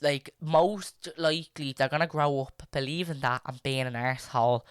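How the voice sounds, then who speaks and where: A young man hosting a casual podcast, reading stories aloud and drifting into rambling asides full of fillers and restarts. His voice is smooth and clear. The sound is dry and close, with no room echo. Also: medium pitch, fairly even intonation, moderate pace.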